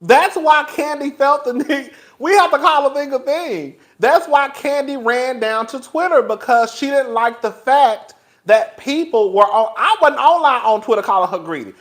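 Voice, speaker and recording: A man with a high voice runs a casual gossip livestream, laughing as he talks. He is sassy and profane, keeps calling the chat "girl", and speaks. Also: fairly bright tone. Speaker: YouTube commentary host.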